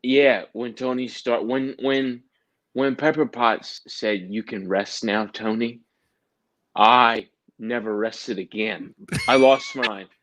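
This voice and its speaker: A man guesting on a podcast who tells stories with lots of laughter and animation. His voice sits at an ordinary male pitch in an easygoing chat. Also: slow pace, a bit bright, low-quality recording.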